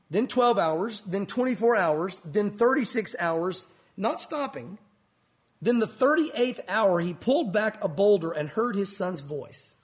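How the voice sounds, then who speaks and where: A man preaching as a pastor, telling a story dramatically, then pleading softly with the congregation. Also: sits high. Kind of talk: sermon. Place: church.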